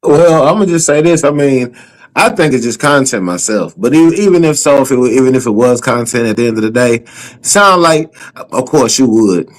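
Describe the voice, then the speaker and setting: A Black man co-hosting a casual podcast chat, animated and emphatic. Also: medium pitch, moderate pace, rough recording. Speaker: co-host.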